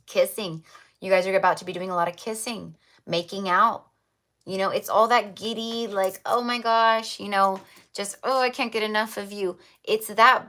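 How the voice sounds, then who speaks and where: A woman's voice: medium pitch, creaky, fairly bright tone. A woman giving a livestreamed tarot reading, chatty, repeating her affirming spiritual phrases. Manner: chatty with fillers. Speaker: tarot reader.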